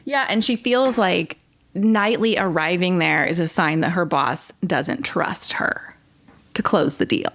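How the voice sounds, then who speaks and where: A woman's voice: fairly low pitch, unhurried, a bit bright. Woman cohost chatting about a show, upbeat, acts out the lines. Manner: enthusiastic, acts out characters' lines. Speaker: podcast co-host. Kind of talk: casual chat recapping a TV episode.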